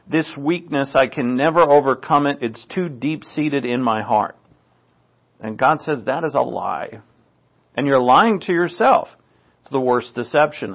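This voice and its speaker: A man preaching a sermon in an earnest, conversational way, often saying "you know". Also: medium pitch. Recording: dull, lo-fi recording.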